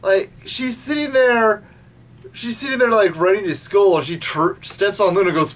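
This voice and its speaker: An anime vlogger talking off the cuff at home, with a mid-pitched voice. The delivery rambles through restarts and casual swearing, loose and unscripted. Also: expressive, a little slow, fairly bright tone.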